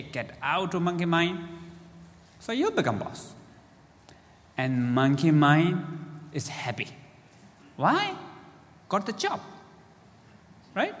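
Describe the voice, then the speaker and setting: A man's voice: mid-range voice, in a large hall. A man teaching meditation to a live audience in simple, playful phrases, checking in with questions.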